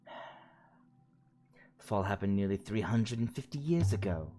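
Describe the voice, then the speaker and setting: Man doing a blunt young woman adventurer, animated delivery. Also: fairly low pitch, slow pace. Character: blunt young woman explorer, matter-of-fact. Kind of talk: reading game dialogue aloud.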